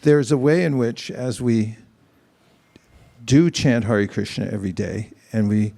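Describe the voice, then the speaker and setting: A man giving a measured, explanatory sermon to a congregation. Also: mid-range voice, steady tone, gravelly, warm tone. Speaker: temple speaker.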